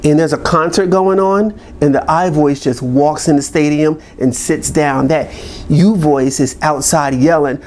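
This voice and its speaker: A man's voice: on the high side, a little slow, darkish tone. A man giving a motivational talk to camera, emphatic and repetitive in a pep-talk manner. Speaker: motivational speaker.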